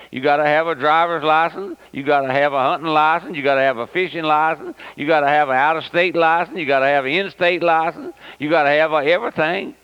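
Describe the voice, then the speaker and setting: A man's voice: a little high, clear, resonant tone. A man, preaching a fervent radio sermon and calling his listeners my friend. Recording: dull lo-fi old radio recording.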